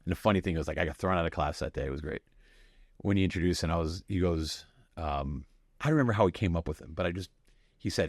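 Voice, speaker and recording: A man in his forties who grew up in Miami speaks as a podcast guest with a low, deep voice. He tells candid stories from his past in an animated way, acting out the people he quotes and laughing often. The sound is close and dry. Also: fast, no echo. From Miami, United States. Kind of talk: candid storytelling interview.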